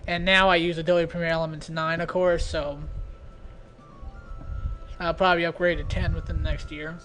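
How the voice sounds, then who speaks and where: Rambling high-voiced young man. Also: flat delivery, moderate pace, fairly bright tone, soft background music. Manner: rambling, hesitant, full of fillers. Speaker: creator giving commentary on his own video. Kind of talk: casual commentary.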